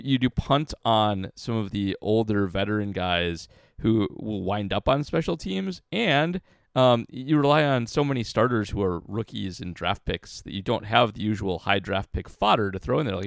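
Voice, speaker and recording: Low gravelly podcast co-host man. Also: no room sound. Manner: dry, opinionated analysis with frequent restarts. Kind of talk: casual sports podcast chat.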